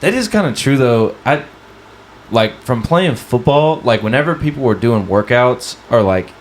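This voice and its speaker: A man's voice: medium pitch, expressive, moderate pace. A young man co-hosting a casual podcast, laid-back and swearing freely, often chiming in with short agreements. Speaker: podcast co-host. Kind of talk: casual chat. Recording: faint background noise.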